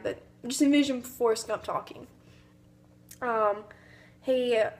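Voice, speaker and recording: A young woman with a Southern US accent gives an informative class speech, hesitant and full of fillers. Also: a little high. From American South. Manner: hesitant, many fillers, mimics accents briefly. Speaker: student giving a speech.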